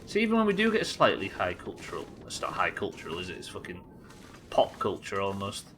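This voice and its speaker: A man's voice: low-pitched, wildly swooping pitch, brisk, a bit bright, a little hiss or hum. A man with a Yorkshire accent, chatting casually and swearing freely while streaming a game to his viewers. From Yorkshire, England. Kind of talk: casual live-stream gameplay chat.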